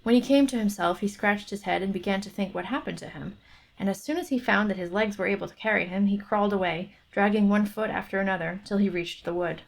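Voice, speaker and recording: Woman, book club stream, reading aloud, steady storytelling. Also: mid-range voice, quick pace, vocal fry.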